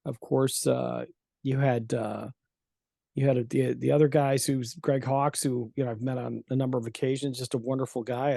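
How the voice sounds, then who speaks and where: A man's voice: medium pitch, vocal fry, no room sound, clean studio sound. A man from Rochester, New York, co-hosting a casual album-review chat, rambling and correcting himself as he goes. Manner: rambling, self-correcting, animated asides. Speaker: co-host.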